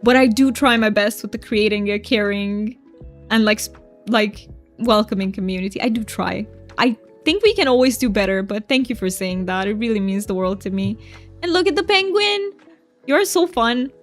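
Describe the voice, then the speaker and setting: A woman streaming a game live, reading viewer messages aloud in casual chat. She talks softly and emotionally, laughs often and stumbles over her words. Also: mid-range voice, lively intonation, moderate pace, faint music behind. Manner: soft-spoken, emotional, laughs often, stammers and restarts.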